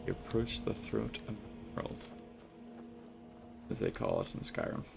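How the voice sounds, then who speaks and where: A male streamer with a stuffy, congested voice, chatting to his viewers as he plays. His voice sits low and carries a gravelly rasp, with music playing quietly underneath. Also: wildly swooping pitch, unhurried. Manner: chatty, addresses chat. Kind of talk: live gameplay commentary.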